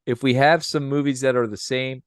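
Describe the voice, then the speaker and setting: A man co-hosting a casual podcast chat, upbeat and quick to laugh. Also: medium pitch, fairly even intonation, smooth, no echo, clean studio sound. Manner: upbeat, laughs often, does playful impressions. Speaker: podcast co-host.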